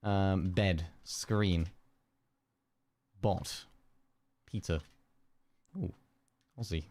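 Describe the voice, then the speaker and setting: A man's voice: low-pitched, extremely slow, darkish tone. A young man streaming live, muttering one-word guesses to chat, keyboard clicks behind. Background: keyboard clicks and typing.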